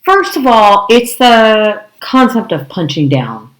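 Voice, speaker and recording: A woman co-hosting an improv podcast, talking in a measured, thoughtful way and often checking in with "right?". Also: fairly high pitch, big pitch swings. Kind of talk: casual discussion. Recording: echoey room.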